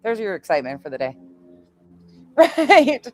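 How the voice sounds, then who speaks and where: A woman's voice: fairly high pitch, very animated, unhurried, a little mellow. A woman hosting a casual livestream, brash and sarcastic, swearing often and laughing at her own stories. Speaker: streamer host. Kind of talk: casual profane livestream chat.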